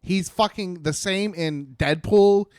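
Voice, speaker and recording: A man's voice: high-pitched, slow pace, darkish tone, smooth, dry recording, clean studio sound. A man co-hosting a podcast, chatting casually in a loose, profane, rambling way. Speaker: podcast co-host. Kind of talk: casual chat.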